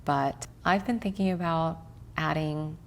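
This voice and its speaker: A woman vlogger narrating a voice-over in a gentle, relaxed way. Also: deep voice, a little slow, creaky, slight background noise.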